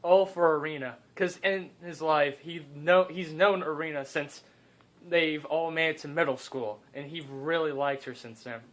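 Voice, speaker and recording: A man's voice: fairly high pitch, steady tone, moderate pace, a bit bright. A young man improvising a comedic story, rambling and cutting in with joking asides.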